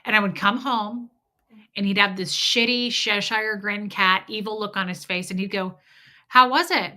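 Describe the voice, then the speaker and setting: With a slightly blocked nose, a middle-aged woman rambles candidly through a casual livestream, naming viewers as she greets them. Her mid-range voice is steady and sharp, delivered at normal speed.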